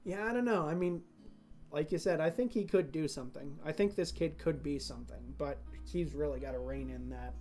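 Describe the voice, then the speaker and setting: Brief: a game master doing a grumpy elderly mentor, gruff and a touch low, snappish and weary. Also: brisk, warm tone, faint music behind, lightly acted. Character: gruff elderly male mentor, easily irritated.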